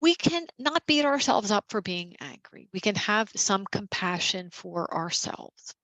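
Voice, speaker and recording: A woman teaching a caregiver support workshop over a video call, gentle and encouraging, with casual fillers. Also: medium pitch, sing-song, unhurried, no echo, poor audio.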